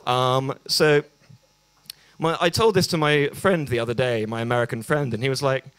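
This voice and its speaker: A man's voice: medium pitch, normal speed, fairly bright tone, clean tone, dry recording. A young English man doing a stand-up set at an open mic, hesitant and self-deprecating, with lots of ums and restarts. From England. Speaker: stand-up comedian. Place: small bar venue.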